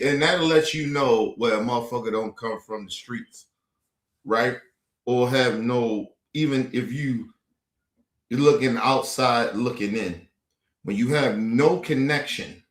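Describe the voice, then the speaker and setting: This slow-paced man with a medium-pitched voice is a streamer reacting to clips. His commentary is blunt, indignant and thick with swearing, and the room has a roomy echo.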